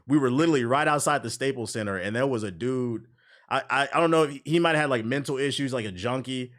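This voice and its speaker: A man's voice: medium pitch, fast, fairly bright tone. A man streaming a game while telling a long story in casual, slangy, profane speech. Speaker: gaming streamer.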